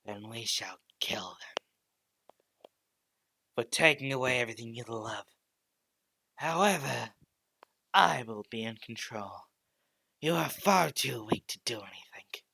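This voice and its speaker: A cruel, ancient shadow spirit, as a man puts him on, savouring every word with slow, gloating menace. He drops into breathy whispers, and the sound is close and dry with no room around it. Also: mid-range voice, expressive, bright, forceful tone, no room sound, heavily acted. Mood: sinister.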